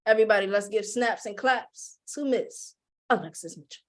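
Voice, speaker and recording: A woman's voice: medium pitch, normal speed. A woman hosting an online panel, hyping each guest with playful call-and-response introductions. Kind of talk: lively hype-up introductions.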